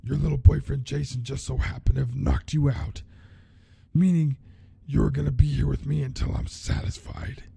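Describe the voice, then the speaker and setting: A man voicing a menacing male horror villain in a low, breathy, taunting whisper. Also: fairly even intonation, moderate pace, dark tone, dry recording, heavily acted.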